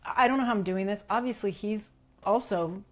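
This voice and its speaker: A woman guest recounting a personal experience in an interview, animated and giggly, acting out quotes and dropping to a whisper at tense moments. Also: medium pitch, moderate pace. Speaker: leadership coach, guest. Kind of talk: personal storytelling in a podcast interview.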